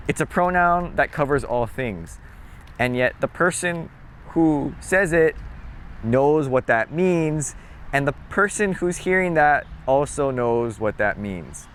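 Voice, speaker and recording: A man from Hawaii with a Hawaiian accent, casually explaining local phrases in a relaxed, chatty vlog. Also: slow pace, slight background noise. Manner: relaxed, chatty, demonstrates phrases with playful low tones. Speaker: vlogger.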